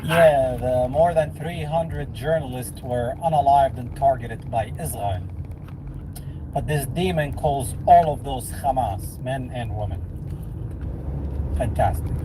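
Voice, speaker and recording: A man's voice: medium pitch, takes it slowly, background noise. A man hosting a reaction stream, talking over a clip in a mocking, sarcastic way.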